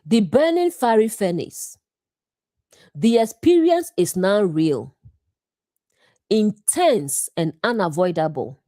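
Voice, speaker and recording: A woman giving a scripted devotional Bible teaching, speaking in short, deliberate phrases with a measured delivery. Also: mid-range voice, big pitch swings, dark tone, no echo, clean studio sound.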